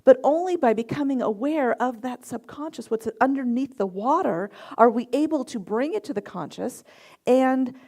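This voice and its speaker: A middle-aged woman minister preaching at a church service, with a slightly high voice and a gravelly edge. She tells personal stories in an animated way and acts out her own reactions as she goes. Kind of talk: sermon with personal anecdotes.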